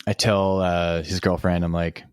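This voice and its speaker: Guy with a lowish voice telling a story on a podcast, super casual, says like a lot, dry sound. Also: a little slow, smooth, dry recording. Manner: relaxed, swears, many "like" fillers. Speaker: podcast guest.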